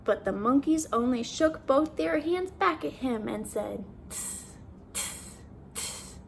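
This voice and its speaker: A woman reading a children's picture book aloud, pausing to ask the listener questions. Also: high voice, creaky, slight background noise. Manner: animated, asks the listener questions. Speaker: children's story reader. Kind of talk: read-aloud storytime.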